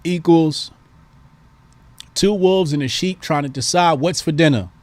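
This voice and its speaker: A man's voice: fairly high pitch, a little slow, no echo. A man hosting a call-in show, giving emphatic, preachy political commentary and repeating points for stress.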